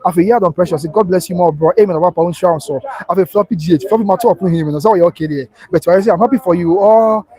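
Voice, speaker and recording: A man's voice: sits high, fast talker, hardly any pauses, warm tone. A man with a Ghanaian accent hosting a live stream in a casual way, reading out viewers' comments and thanking them.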